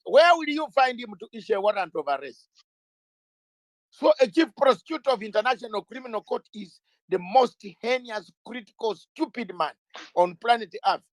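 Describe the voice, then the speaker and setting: A middle-aged man, a lawyer being interviewed, speaks in an impassioned way with a very high-pitched, slightly bright voice. He fires off rhetorical questions and repeats phrases for emphasis. There is no echo.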